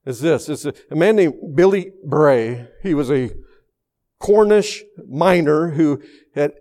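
A man's voice: on the high side, lively intonation, slow pace. Earnest male preacher telling a story. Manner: storytelling, swings from raised emphatic to hushed soft delivery. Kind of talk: sermon.

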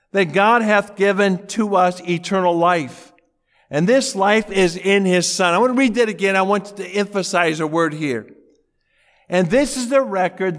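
A man's voice: high voice, a bit bright, in a large hall. A male pastor preaching a sermon in a church auditorium, talking in a conversational way and telling anecdotes.

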